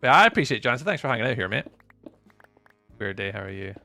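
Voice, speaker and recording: A young man chatting casually with viewers while live streaming, playful and often trailing off into a softer voice. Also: medium pitch, sing-song, fast, soft background music.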